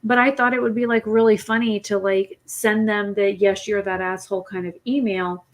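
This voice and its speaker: Woman game streamer, tired late-night chatter, loose and rambling, mid-pitched voice. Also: fairly even intonation, moderate pace. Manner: rambling, swears casually. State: sleepy, yawning late at night. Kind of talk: casual gameplay chat.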